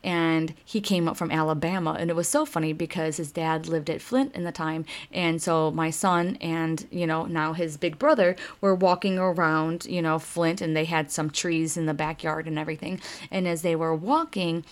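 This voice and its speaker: A woman's voice: deep voice, level tone, moderate pace, few pauses. A woman, hosting a casual spiritual card reading and talking straight to her listeners in a chatty, emphatic way. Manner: chatty and emphatic, swears mildly, addresses listeners directly. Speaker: spiritual card reader, podcast host.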